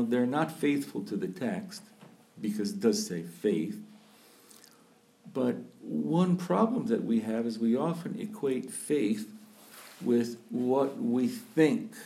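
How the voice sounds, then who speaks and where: Slow, gravelly-voiced man preaching. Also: mid-range voice, warm tone. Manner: slow, thoughtful preaching with frequent pauses and fillers. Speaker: priest. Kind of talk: sermon.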